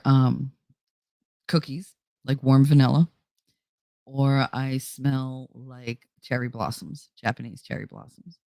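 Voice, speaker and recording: A woman's voice: rumbling low, a little mellow, no echo. Woman, 40s, host: blunt and profane casual storyteller, dry close sound.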